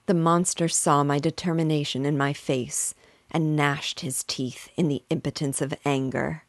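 A woman reads a classic novel aloud at an unhurried pace, with a low, even voice. She sounds close to the mic, and the recording is dry. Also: dry recording. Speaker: host reading a novel aloud.

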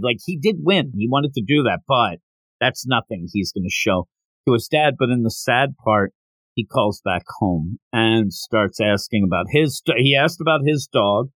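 A man co-hosting a podcast, casually recapping a manga chapter and acting out the characters' lines in quick voices. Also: mid-range voice, no room sound. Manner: animated retelling, quoting characters in quick voices. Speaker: podcast co-host.

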